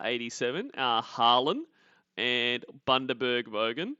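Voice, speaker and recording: A man's voice: mid-range voice, lively intonation, unhurried, sharp tone, smooth, dry recording, muffled recording. A man with a New Zealand accent, hosting a stream, who chats casually, mocks a played call and laughs often as he greets viewers.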